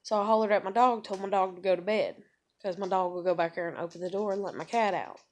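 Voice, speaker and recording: Thirty-something woman ranting at home, rambly and cussing a lot, mid pitch. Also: fairly even intonation, fast talker. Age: 30s. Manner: rambling, profane, frustrated. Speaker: vlogger. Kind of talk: casual venting monologue. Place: room at home.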